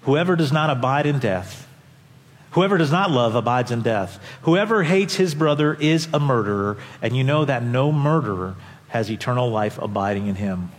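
Male pastor, sermon, impassioned, quiet to loud swings, mid-pitched voice, long hall reverb. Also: lively intonation, moderate pace.

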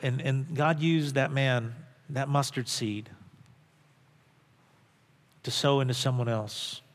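A man preaching a sermon from the pulpit, earnest and emphatic. He drives points home by repeating phrases. His mid-pitched voice rings with the long reverb of a church sanctuary. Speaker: pastor.

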